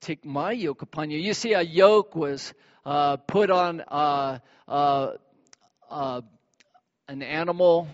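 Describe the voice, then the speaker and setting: A male pastor preaching a sermon in a lively, animated way, acting out everyday examples. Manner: animated, acts out examples with sudden high bursts. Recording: dull sound with long hall reverb.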